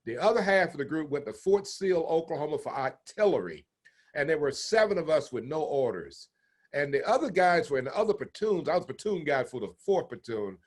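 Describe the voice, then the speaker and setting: Older man in his seventies, interview guest, lively raconteur who voices the people in his anecdotes, somewhat high-pitched. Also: a little fast, breathy edge. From United States. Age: 70s. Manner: animated storyteller who acts out the people he quotes. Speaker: interviewee, retired naval officer. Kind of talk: storytelling interview.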